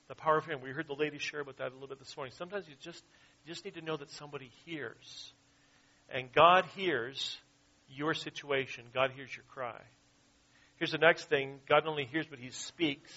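Male pastor, earnest sermon delivery, slightly high, bright tone, muffled lo-fi sound. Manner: earnest preaching, repeats key phrases.

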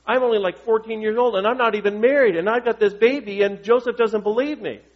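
A man's voice: sits high, quick pace, pitched above the performer's own voice. A man voicing a young teenage girl, unwed and pregnant, who complains in an exasperated way. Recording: dull lo-fi recording.

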